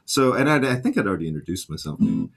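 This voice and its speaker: A middle-aged man, a guitarist and music teacher, telling lively anecdotes in a casual interview and acting out the voices of the people he quotes. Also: fairly low pitch, rapid-fire, vocal fry.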